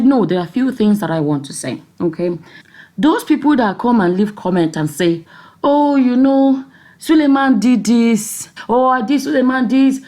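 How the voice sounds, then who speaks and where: A woman from Nigeria with a Nigerian accent, giving emphatic, chatty opinion commentary on her vlog and often checking in with her listeners. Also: on the high side. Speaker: vlogger.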